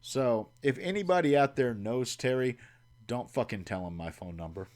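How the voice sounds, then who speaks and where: A man with a Kentucky accent casually telling stories to his livestream chat, swearing and making wry deadpan asides. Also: medium pitch, moderate pace. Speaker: livestream host. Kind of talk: casual storytelling. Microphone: home streaming mic.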